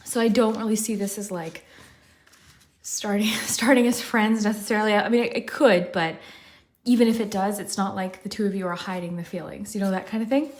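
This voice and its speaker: A woman's voice: mid-range voice, fairly even intonation, fairly quick. A woman giving a casual pick-a-card tarot reading, out of breath and rambling with lots of fillers. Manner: chatty, rambling, many "like" fillers. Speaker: tarot reader.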